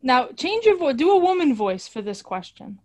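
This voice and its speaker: A woman's voice: sits high, sing-song, moderate pace, a little mellow. A woman in casual chat, playful and laughing, coaching the others as they read.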